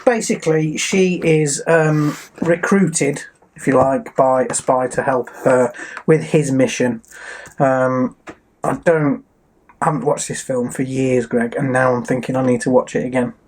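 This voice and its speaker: A man's voice: mid-range voice, fairly even intonation, a little slow, a little mellow. A man co-hosting a casual entertainment chat show, reading out film facts with frequent ums. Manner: chatty, reads facts with filler ums. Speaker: co-host.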